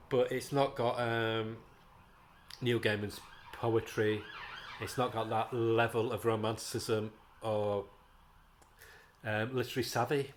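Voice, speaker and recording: A British man talks through his comic picks in a loose, rambling way, trailing into ums and restarting sentences. His voice sits on the lower side, with a faint hiss of noise behind it. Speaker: comic book reviewer. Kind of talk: casual review vlog.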